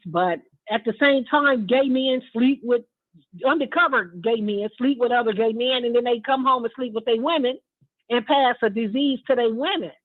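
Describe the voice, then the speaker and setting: A woman's voice: fairly high pitch, dry recording. A woman calling in to a talk show, arguing and talking over the host. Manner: argumentative, talks over the host. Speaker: caller. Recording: tinny phone line.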